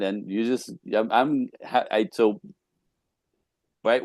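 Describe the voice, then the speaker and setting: A man's voice: medium pitch, slow, long pauses, a little mellow, no echo. A man talking casually about relationships as a guest, laughing often and acting out quoted dialogue.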